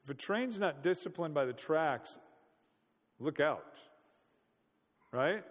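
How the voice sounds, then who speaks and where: Guy preaching, kinda high voice, asks the crowd lots of questions, echo trailing in a big hall. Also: expressive, slow pace. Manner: conversational, storytelling, rhetorical questions. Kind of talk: sermon.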